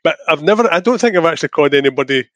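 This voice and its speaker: A man's voice: on the high side, animated, racing, fairly bright tone, no echo, dull audio. A Scottish man co-hosting a podcast, chatting casually and joking with frequent laughs. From Scotland. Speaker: podcast co-host. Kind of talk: casual chat.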